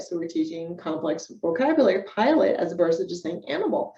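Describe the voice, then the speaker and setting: A young woman, a speech language pathologist, giving a lecture on reading with children, animated and modeling child talk in a sing-song voice. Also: fairly low pitch, brisk, hardly any pauses, lo-fi sound.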